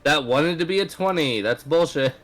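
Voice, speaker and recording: A man narrating a tabletop game as game master, animated and casual, laughing often. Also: fairly high pitch, normal speed, faint music behind.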